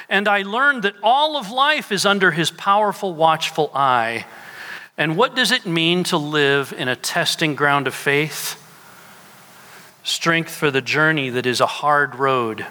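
Bright-voiced man preaching in a reverberant hall. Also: mid-range voice. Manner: teaching with rhetorical questions to the congregation. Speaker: pastor. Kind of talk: sermon. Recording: long reverb of a large hall.

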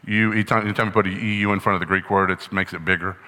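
A man preaches a sermon in a casual, teaching way, his voice bright and a touch low. He keeps putting questions to the congregation as he walks through the text. A long reverb trails behind him in the hall. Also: fairly even intonation, rapid-fire. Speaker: pastor.

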